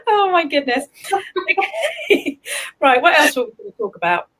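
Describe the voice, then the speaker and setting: An English woman hosting a casual live chat, chatty and quick to giggle. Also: very high-pitched, huge pitch swings, background noise. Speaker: host.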